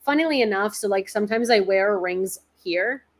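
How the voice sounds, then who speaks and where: A woman's voice: medium pitch, normal speed. A woman hosting a casual news commentary livestream, talking informally with many fillers. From Ukraine. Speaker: independent reporter and host.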